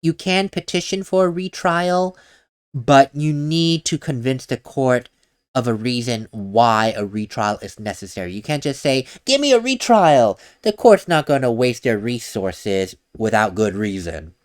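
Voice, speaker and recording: A man's voice: medium pitch, measured pace. A man hosting a let's play, commenting casually on the game between read lines. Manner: chatty, explains with mock quotes.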